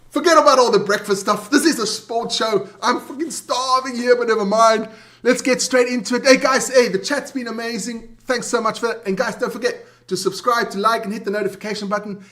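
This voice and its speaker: A man co-hosting a sports chat show from South Africa, loud and jokey, swearing and greeting his chat viewers. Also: high-pitched.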